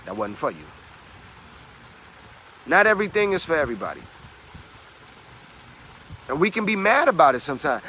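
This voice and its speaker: A man's voice: fairly high pitch, very animated, normal speed, long pauses, sharp tone, slight background noise. A man giving a motivational talk in an emphatic, slangy, preachy storytelling manner. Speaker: motivational speaker.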